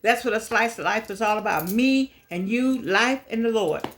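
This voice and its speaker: Older woman host, slightly high voice, effusive rambler, missing front teeth. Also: normal speed, slight background noise. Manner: effusive, rambling, repeats phrases. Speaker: motivational vlog host. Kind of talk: casual chatty monologue.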